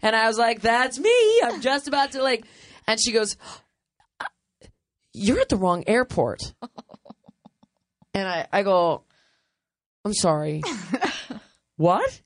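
Brief: woman podcast host, lively storyteller who laughs a lot, dry close mic. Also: a little high, takes it slowly, pauses often, no room sound. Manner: animated, laughs often, acts out others' lines. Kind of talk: casual storytelling chat.

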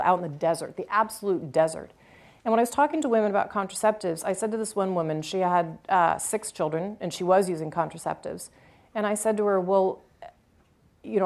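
A woman speaking earnestly at a public talk, answering an audience question with a long story. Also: fairly low pitch. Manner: earnest, animated when retelling encounters, fillers like "um, so".

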